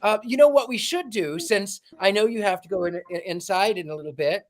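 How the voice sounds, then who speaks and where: A man hosting a livestream with a warm, theatrical, exclamatory manner, chatting and reading a storybook aloud. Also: high-pitched, a little fast. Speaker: livestream host.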